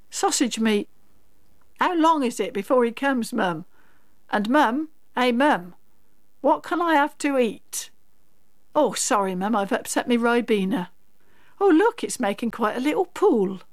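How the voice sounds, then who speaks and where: A woman's voice: fairly high pitch, dry recording, studio quality. A woman reciting comic verse in the voice of a small child pestering its mum, in a rhythmic, repetitive sing-song.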